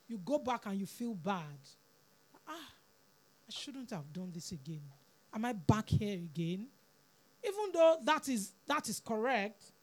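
A woman preaching a sermon, earnest and pleading, repeating words for emphasis. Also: on the high side.

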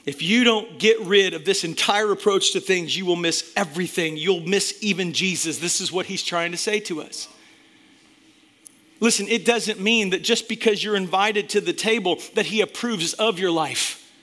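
A male pastor delivers a fired-up sermon in a high-pitched, bright voice. He swings between loud, emphatic bursts and hushed, intense passages as he addresses his church. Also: moderate pace.

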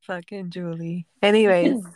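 A young woman co-hosting a podcast, telling stories in a lively, casual way and swearing freely. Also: on the low side, a little slow, dry recording. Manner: animated storytelling, swears casually. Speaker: podcast co-host. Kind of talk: casual chat.

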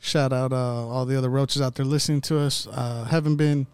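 A man co-hosting a casual podcast, talking in a relaxed, hesitant way with many fillers. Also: mid-range voice, brisk, clear, resonant tone, no echo. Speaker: podcast co-host.

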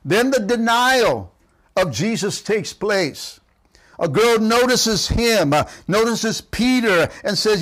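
A high-pitched male pastor preaching a streamed sermon. He exhorts his congregation, asking them again and again to respond and say amen, and retells the story with emphatic repetition. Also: lively intonation, slow pace, a bit bright. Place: church service streamed online.

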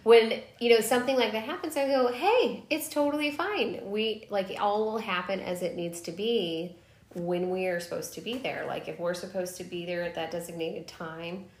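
A woman's voice: lowish voice, fairly even intonation, moderate pace, echoey room. A woman co-hosting a podcast in a playful, giggly, rambling casual chat. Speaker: podcast co-host.

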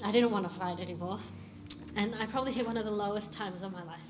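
A woman's voice: medium pitch, fast. A young woman youth pastor, sharing a candid personal testimony in a sermon and laughing at her own struggles. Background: music.

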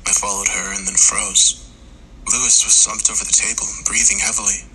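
Grim, low-voiced man telling a horror story. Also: flat delivery, moderate pace, background noise. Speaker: narrator. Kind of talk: dramatic horror story narration. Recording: loud music underneath.

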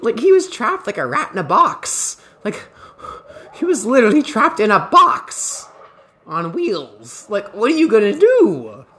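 A man's voice: high voice, huge pitch swings, unhurried, bright, forceful tone, pitched above the performer's own voice, exaggerated voice. A man voicing his mother, exasperated and incredulous. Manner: exasperated disbelief. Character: incredulous laughing middle-aged mother.

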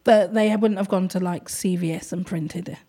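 A woman who runs an art gallery, talking in a thoughtful, hesitant way with many pauses and ums. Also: fairly low pitch, fairly even intonation, mellow, breathy edge. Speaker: gallery owner. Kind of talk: casual conversation.

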